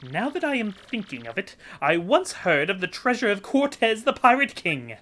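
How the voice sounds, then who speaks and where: A woman's voice: medium pitch, sing-song, moderate pace, fairly bright tone. A woman voicing a flamboyant, vain, wealthy male sea trader for a game playthrough, speaking in grand theatrical exclamations. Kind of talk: voicing game dialogue for a let's play.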